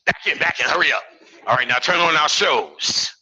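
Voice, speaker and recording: Male lecturer, profane streetwise delivery, somewhat high voice. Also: animated, normal speed, bright, forceful tone, breathy edge, poor audio. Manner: profane, streetwise, joking asides. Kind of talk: live lecture to an audience.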